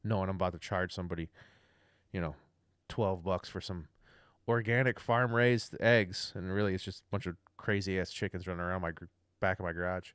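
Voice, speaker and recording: Low-voiced man rambling on a livestream. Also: steady tone, brisk, fairly bright tone, clean tone, no room sound, studio quality. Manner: rambling, profane, loose and chatty. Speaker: livestream host. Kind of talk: casual rambling livestream rant.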